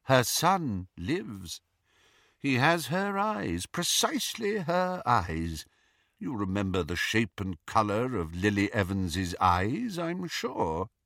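A man reading Dumbledore, cool and measured. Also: lowish voice, very animated, gravelly, fairly bright tone, dry recording, studio quality, heavily acted. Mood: probing. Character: old wizard headmaster, calm, cold, probing. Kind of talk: audiobook character reading.

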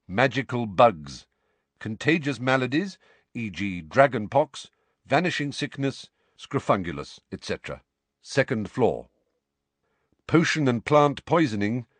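A man reads a storybook aloud in a measured, expressive manner. His pitch moves around a lot as he tells it. The recording is dry and close, with no room sound. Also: dry recording. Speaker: audiobook reader. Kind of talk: storybook narration.

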